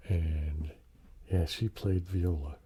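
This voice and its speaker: An older man hosting a soft-spoken ASMR show and tell, slipping into whispers and rambling with tag questions. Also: deep voice, steady tone, slow pace, husky. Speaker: ASMR host.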